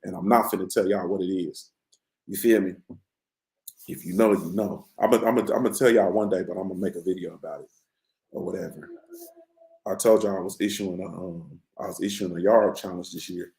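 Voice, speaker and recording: Gravelly laid-back male show host. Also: low-pitched, fairly even intonation, fairly quick, a little mellow, reverberant, rough recording. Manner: laid-back, rambling, slangy. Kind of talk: casual morning-show chat. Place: room at home.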